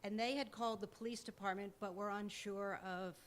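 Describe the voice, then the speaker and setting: A woman's voice: mid-range voice, steady tone, fairly quick, a little hiss or hum. A woman telling an earnest story during public comment at a town board meeting.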